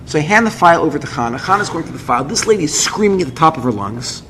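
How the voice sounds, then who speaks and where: A man, a rabbi, telling a dramatic personal story with vivid acted dialogue and quick asides. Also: a little high, expressive, pushed and bright. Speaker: rabbi, speaker. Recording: echoey hall with faint noise.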